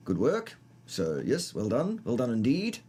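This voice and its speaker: A man's voice: mid-range voice, huge pitch swings, measured pace, dark tone, breathy edge. A man with a New Zealand accent hosting a casual livestream, rambling and joking as he greets viewers by name. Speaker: livestream host.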